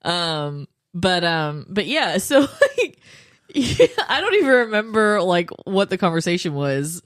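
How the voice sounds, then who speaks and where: A giggly woman in her thirties chatting with her husband on their podcast. Her pitch swings up and down a lot. The mic is close and dry. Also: sing-song, unhurried, no echo. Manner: giggly, laughs often. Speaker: podcast co-host. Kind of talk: casual chat.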